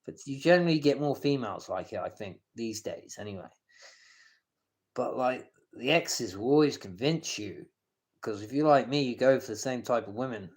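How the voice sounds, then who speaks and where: A man rambles through a live-stream rant at an average pitch for a man. He trips over his words, repeats himself and starts sentences again, and he turns coarse and confrontational, swearing at people by name. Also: lively intonation, normal speed, darkish tone.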